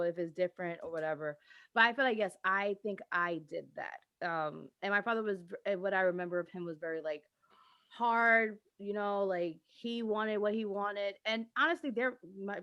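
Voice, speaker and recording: A woman's voice: on the low side, a bit bright, dry recording, dull audio. A woman in casual podcast chat, talking candidly and reflectively about her life. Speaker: podcast co-host.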